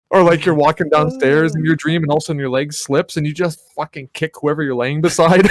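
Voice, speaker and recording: Male co-host, under 40, animated storyteller who swears a lot, dry close mic. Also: a little high, fast talker, few pauses, no echo. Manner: animated storyteller, swears often, acts out his own reactions. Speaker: podcast co-host. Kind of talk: casual podcast chat.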